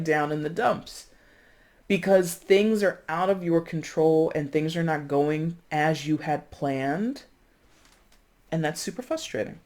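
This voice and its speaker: Chatty, laughing tarot reader. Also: medium pitch. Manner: chatty, laughs often, frequent "right?" and "like"; playful asides, drops into mock voices. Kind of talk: casual tarot reading monologue.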